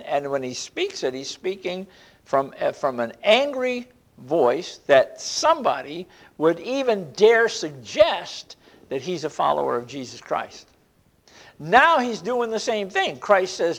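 Animated male preacher with lively pitch. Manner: animated, with slow, stressed scripture quotes and frequent restarts. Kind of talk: expository sermon.

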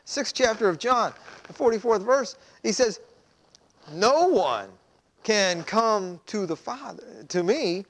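A man's voice: sits high, expressive, slow, fairly bright tone. A man, a pastor, preaching a sermon in a conversational way, asking rhetorical questions.

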